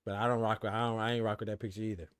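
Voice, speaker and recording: A man's voice: lowish voice, racing, clear, resonant tone, no echo, studio quality. A man hosting a boxing livestream, chatting casually in slang, reading out and answering viewers by name. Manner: relaxed, slangy, reads chat aloud. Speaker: boxing commentary host.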